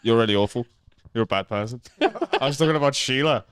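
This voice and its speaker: A man's voice: medium pitch, very animated, fast, a bit bright, clear, resonant tone, no room sound. A young man co-hosting a comedy debate podcast, joking, teasing and swearing freely. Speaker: co-host. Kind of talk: casual comedy debate chat.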